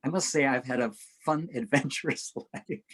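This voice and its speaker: An older man recounting stories from his years touring on stage, laughing often as he goes. He acts out the other people's lines in his own tale, which gives the telling plenty of swing. It sounds like a relaxed, chatty interview. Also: mid-range voice, normal speed, husky, rough recording. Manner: animated storyteller, laughs often, acts out voices. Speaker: interview guest. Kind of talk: anecdotal storytelling.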